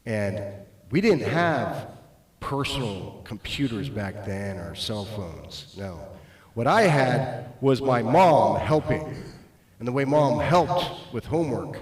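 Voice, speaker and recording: Slow, roomy-sounding male stand-up comic. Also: medium pitch. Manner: self-deprecating, swings between loud bursts and muttered asides. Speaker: stand-up comedian. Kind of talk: stand-up comedy storytelling. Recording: roomy echo.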